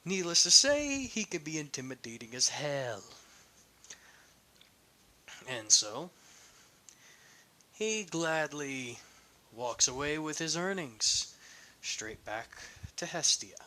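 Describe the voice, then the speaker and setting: A man's voice: fairly high pitch, big pitch swings, pushed and bright. A man reading his own fan story aloud in a loose, conversational way, with restarts. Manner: slow, loose, unscripted-sounding narration.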